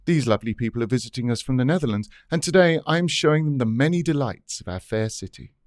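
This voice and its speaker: A man's voice: mid-range voice, lively intonation, quick pace, dry recording, clean studio sound, natural voice. A man putting on a flamboyant theatrical tour guide. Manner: theatrical, showy.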